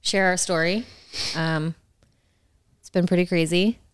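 A woman in her thirties co-hosting a casual podcast, her voice smooth and clear and a little low for a woman. She jokes and banters with easy laughter. The sound is close and dry. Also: steady tone, unhurried, no echo. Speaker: podcast co-host. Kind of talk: casual chat.

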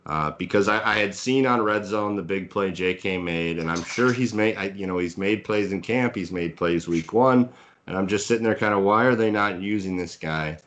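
Very deep-voiced man analyzing football. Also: a bit bright. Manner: hedging, filler-heavy, analytical. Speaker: fantasy football podcast co-host. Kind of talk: casual sports analysis chat.

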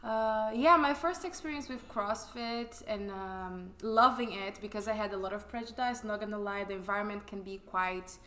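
Bright-voiced Brazilian woman in an echoey room. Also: medium pitch, moderate pace, hardly any pauses. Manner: relaxed, easygoing. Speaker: podcast guest. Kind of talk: casual podcast chat. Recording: echoey room, faint noise.

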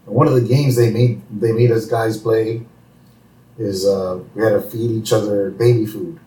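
A man's voice: on the low side, fairly even intonation, normal speed, dark tone. A man co-hosting a podcast, chatting casually and laughing while he recaps an episode. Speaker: podcast co-host. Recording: roomy, distant mic.

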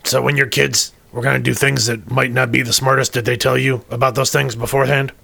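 A man playing a wary male starship crewman in a tabletop role-play, talking in a halting way with many stammers and restarts. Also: medium pitch, level tone, gravelly, sharp tone, no room sound, heavily acted. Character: wary male starship crewman, private about his mother.

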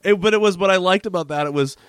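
A man co-hosting a podcast, casually recapping a TV episode in a rapid, animated way, full of "like" and swearing. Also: sits high, clear, resonant tone. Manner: rapid, animated retelling with lots of "like" and profanity. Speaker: podcast co-host.

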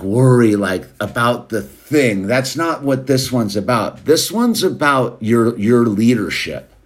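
A man hosting a show, rambling casually in a laid-back way and calling listeners "dude.". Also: mid-range voice. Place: California.

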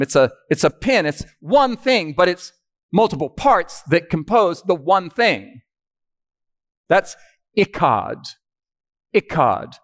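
A man preaching a sermon to an audience in a hall, with a fairly high voice that swings widely up and down. He talks in an unhurried way and keeps asking his listeners questions as he teaches.

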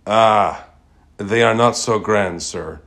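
A man's voice: lowish voice, slow, creaky, fairly bright tone, full character voice. A man voicing a young male college student working as a barista, speaking politely with a thick accent. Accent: thick foreign accent. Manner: courteous, deferential.

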